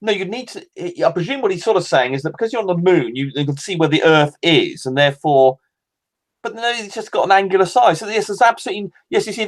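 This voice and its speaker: A man in a casual group chat, explaining hesitantly with many restarts. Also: on the high side. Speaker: panelist in an online hangout.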